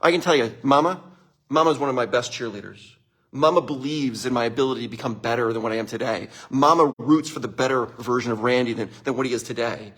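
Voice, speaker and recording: A man giving relationship advice in a live talk, chatty and animated, laughing often and speaking straight to his listeners. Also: mid-range voice, quick pace, husky.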